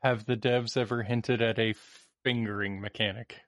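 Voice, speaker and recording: A man guesting on a casual gaming podcast, explaining things in a relaxed, step-by-step way. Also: medium pitch, moderate pace, dry recording, studio quality.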